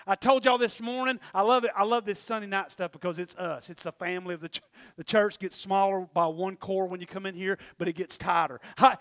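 A man preaching a sermon in church, emphatic, swinging from loud exclamations to quiet murmurs. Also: sits high, brisk. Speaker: pastor.

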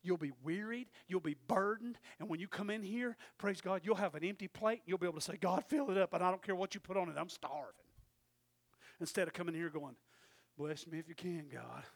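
A man preaching a sermon and telling a personal story, swinging from loud emphatic preaching to quiet storytelling. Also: sits high, fairly quick.

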